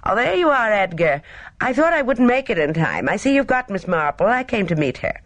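A woman's voice: medium pitch, big pitch swings, brisk, no echo, voice pushed up. A woman voicing a breezy, gushing young woman in a storybook reading.

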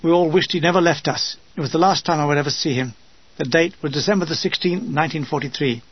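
A man reading his own wartime memoir with dry, deadpan comic timing. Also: fairly high pitch, fast, breathy edge, no room sound, lo-fi sound. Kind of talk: comic audiobook narration.

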